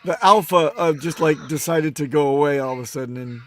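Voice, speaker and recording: A man's voice: a little high, brisk, fairly bright tone. A man joking and teasing the others in a casual crypto chat.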